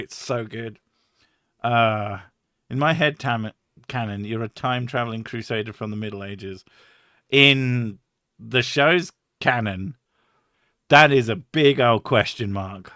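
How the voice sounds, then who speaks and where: Man, bright voice, rambling sweary chat, dry sound. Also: mid-range voice, unhurried, dry recording. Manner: rambling, sweary, laughs often. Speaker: streamer host. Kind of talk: casual chat.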